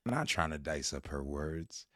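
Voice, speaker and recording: A man's voice: rumbling low, animated, moderate pace, sharp tone, no room sound, studio quality. A man from Jamaica giving mocking commentary on a video clip he is reacting to.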